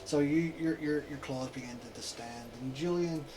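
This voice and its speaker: A man narrating calmly as game master of a tabletop game. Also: fairly high pitch, normal speed, over music, low-quality recording. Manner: calm descriptive narration.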